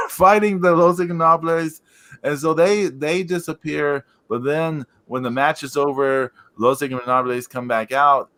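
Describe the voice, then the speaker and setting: A man's voice: on the high side, fairly even intonation, measured pace, pushed and bright. Rambling man on a wrestling podcast. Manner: rambling, heavy on fillers; amused, laughs while recounting. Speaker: podcast co-host. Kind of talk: casual chat.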